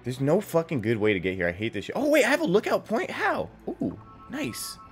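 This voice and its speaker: A man's voice: on the high side, wildly swooping pitch, fairly quick. A man streaming a video game, talking in a rambling, profane way full of fillers as he plays. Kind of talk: casual gameplay commentary. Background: faint game music.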